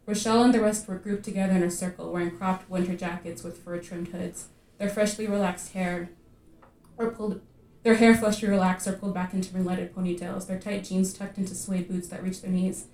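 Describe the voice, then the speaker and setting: A woman reading her own fiction aloud at a live literary reading, measured and vivid in her storytelling. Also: lowish voice, fairly even intonation, darkish tone, far from the mic. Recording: echoey room at a live reading.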